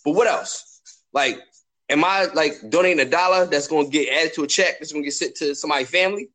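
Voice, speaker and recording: A man's voice: on the high side, quick pace, fairly bright tone, poor audio. A young man co-hosting a casual chat, rambling and slangy, asking question after question. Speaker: podcast co-host.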